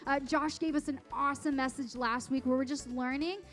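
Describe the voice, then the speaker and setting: Bubbly high-voiced woman hosting youth service. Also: fairly even intonation, brisk, faint music behind. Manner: bubbly, playful, talks straight to the crowd. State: out of breath. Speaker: junior high ministry staff host. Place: youth service stage in a large room.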